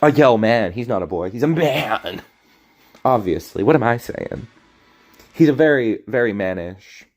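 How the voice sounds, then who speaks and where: A man with a mid-range, lively voice takes his time as he casually commentates his own card game stream. He rambles and jokes, often cutting himself off to apologize, while faint game music plays underneath.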